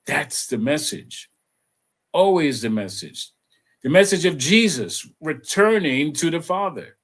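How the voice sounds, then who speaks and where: A man, a reverend, giving a reflective spiritual talk and leading slow guided affirmations with pauses and repeated phrases. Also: a little high, expressive.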